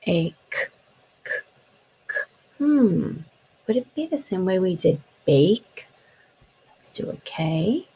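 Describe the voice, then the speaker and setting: Slow, gravelly woman teaching phonics. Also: on the low side, sing-song, mellow, poor audio. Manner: slow, sounds out letters and taps words. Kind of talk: phonics lesson for young children.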